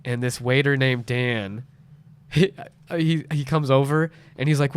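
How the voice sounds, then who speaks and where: A man in his late twenties, hosting a podcast, recounts a story in casual talk and performs other people's lines in a raised voice. He speaks at normal speed with a smooth, medium-pitched voice and no echo.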